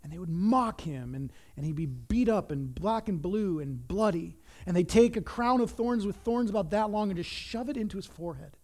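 A man preaching a sermon as a pastor, reading scripture and talking in an earnest, animated way with frequent restarts. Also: high voice, moderate pace, few pauses.

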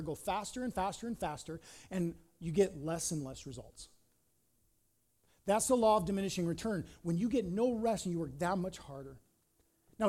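Middle-aged male pastor, high-pitched, dynamic sermon delivery with repetition. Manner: animated, repeats words, swings between loud and quiet.

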